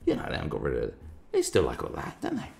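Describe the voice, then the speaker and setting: A man's voice: rumbling low, huge pitch swings, rapid-fire, gravelly, a little mellow. A man hosting a live stream, ranting sarcastically and swearing a lot in casual commentary. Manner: crude, sarcastic, swears often.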